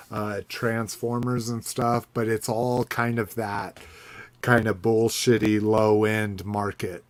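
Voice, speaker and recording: A man's voice: lowish voice, dry recording. A man hosting a casual podcast chat about toy collecting, rambling with fillers and restarts. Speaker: podcast host.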